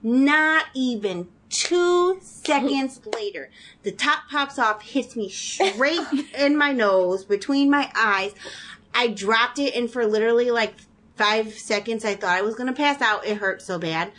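A woman in her thirties, a mother, casually telling a funny story about a mishap with a relaxed, laughing manner. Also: on the high side, measured pace.

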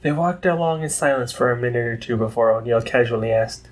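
A man reading a story aloud in a steady, unhurried voice. His pitch sits in an ordinary middle range, neither high nor low. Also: poor audio. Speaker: narrator. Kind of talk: reading fan fiction aloud.

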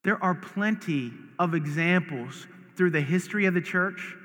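A man from the United States preaching a sermon as pastor, earnest and emphatic, often repeating words and rising to shouts. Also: high voice, normal speed. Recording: long reverb of a large hall.

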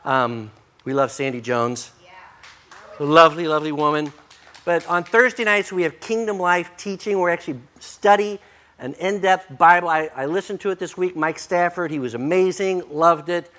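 An older man preaching a sermon as pastor, folksy and joking, his voice a little hoarse and breaking. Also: on the high side, moderate pace, fairly bright tone.

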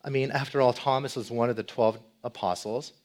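Man preaching with swinging loudness. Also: a little fast. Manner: animated, swings between loud emphasis and soft low delivery; rhetorical questions to the congregation. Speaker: pastor. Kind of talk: sermon.

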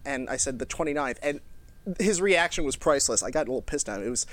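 A man co-hosting a casual podcast, telling a story with lively impressions of the people in it. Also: on the high side, fast talker, no echo. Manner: animated storytelling, mimics shouting people. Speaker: podcast co-host. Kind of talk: casual chat.

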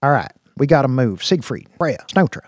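A man's voice: medium pitch, animated, normal speed, no echo, clean studio sound, natural voice. A man voicing a folksy, commanding dog handler. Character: William, a rugged man leading cyborg dogs.

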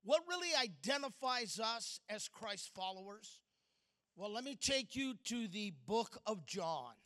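A man's voice: high-pitched, expressive, measured pace, fairly bright tone. A man preaching a sermon at a church service, playful and leading the congregation to turn and speak to each other. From outside Chicago. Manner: playful, leads audience in call-and-response. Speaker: guest preacher.

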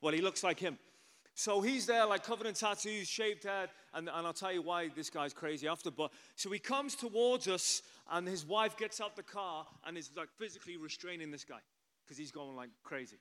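A man, a pastor telling a story in a sermon, chatty and animated with frequent asides. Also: high voice, normal speed, long reverb tail.

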